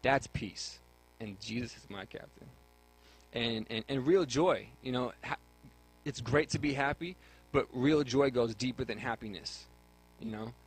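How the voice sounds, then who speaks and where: A man's voice: medium pitch, measured pace, husky, low-quality recording. Young male guest, earnest testimony, talk-radio delivery, restarts phrases. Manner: earnest, repeats words when starting a thought. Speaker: guest sharing his testimony.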